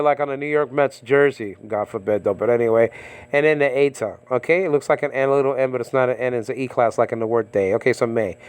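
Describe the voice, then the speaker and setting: Halting man teaching Greek, many okays. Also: mid-range voice, clean tone, dry recording. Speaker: Bible teacher. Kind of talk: informal verse-by-verse language lesson.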